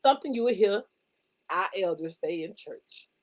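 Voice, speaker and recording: A woman's voice: medium pitch, expressive, moderate pace, low-quality recording. A woman chatting casually as a guest, playful and laughing often. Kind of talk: casual chat.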